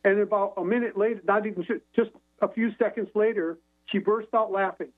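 A high-voiced man with fairly even intonation talks a little fast. As a hypnotherapist guest phoning into a radio program, he rambles through casual stories, often starting over and using fillers.

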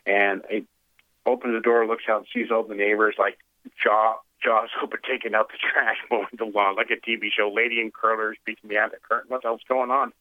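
Over a thin, tinny phone connection to a radio show, a man with a lowish voice briskly relates a meandering story full of fillers and restarts, acting it out with lively retelling. It's a dry recording.

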